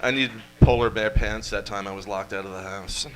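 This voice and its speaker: Wry deadpan man. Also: fairly low pitch, noisy background. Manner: wry, deadpan asides with quick jokes. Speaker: storyteller presenter. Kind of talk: comic history talk to a live audience. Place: event room with live audience.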